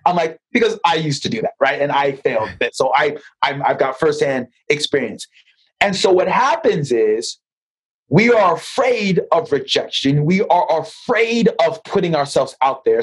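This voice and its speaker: Husky high-voiced man telling stories. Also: low-quality recording. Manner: lively storyteller who acts out dialogue; repeats words as he restarts. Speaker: guest, financial advisor. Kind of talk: podcast interview.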